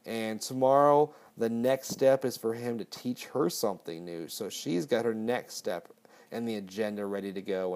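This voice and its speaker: A man's voice: medium pitch, darkish tone. A man casually recapping a movie, rambling and swearing often. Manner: profane, rambling. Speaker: podcast host.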